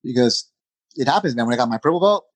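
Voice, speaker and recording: A man of middle pitch speaks as a podcast guest, easy and energetic, throwing in "you know" and "man" as he goes. The sound is close and dry, with almost no room around the voice. He talks like a coach passing on lessons to his students. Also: quick pace, no room sound, low-quality recording. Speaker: jiu-jitsu instructor, podcast guest. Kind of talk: casual interview chat.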